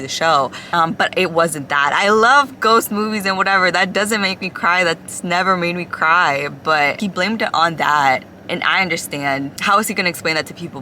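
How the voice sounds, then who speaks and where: A woman's voice: low-pitched, pushed and bright, a little hiss or hum. A young woman from Ecuador and the US, confiding in a rambling casual chat to a phone camera inside a car, full of "like" fillers. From Ecuador, then the US. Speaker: vlogger.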